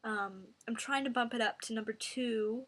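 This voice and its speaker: A woman giving a mock singing tutorial in a deadpan, rambling, self-serious way. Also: on the high side, normal speed.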